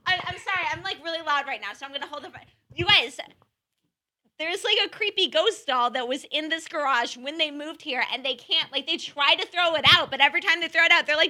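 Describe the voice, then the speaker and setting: A young woman from Seattle doing a self-deprecating stand-up set, rambling, with bursts of loud excitement. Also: sits high, normal speed. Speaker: stand-up comic.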